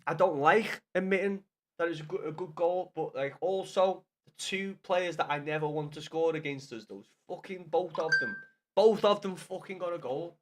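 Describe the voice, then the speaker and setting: A young man chatting casually with viewers on a live gaming stream, swearing often and bantering loudly with chat. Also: fairly high pitch, moderate pace.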